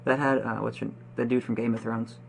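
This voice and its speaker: Brief: young male podcast co-host, quick and rambling, low hum in the background. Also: flat delivery, creaky. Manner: rambling movie talk, jokey. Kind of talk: casual chat.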